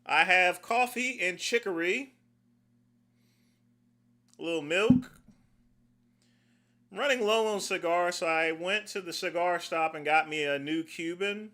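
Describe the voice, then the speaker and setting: A middle-aged man hosts a casual livestream in a high-pitched, bright, forceful voice. He rambles in a folksy way and calls his viewers "folks."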